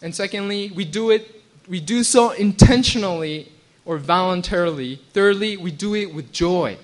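A pastor preaching a sermon in a conversational way, often restarting and checking in with "right?". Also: male voice, high voice, moderate pace. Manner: acts out quoted voices with bursts of laughter.

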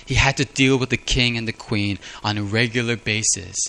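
Gravelly-voiced man preaching earnestly. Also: mid-range voice, fairly even intonation, moderate pace, bright, forceful tone. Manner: earnest, confessional, with frequent repeated words. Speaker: pastor. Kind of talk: sermon.

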